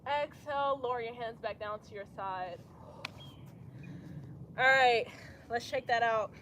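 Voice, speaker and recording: A young woman leading a casual yoga class outdoors, chatty and talking herself up out loud as she tries a backbend. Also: a little high, measured pace, a little hiss or hum. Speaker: yoga instructor.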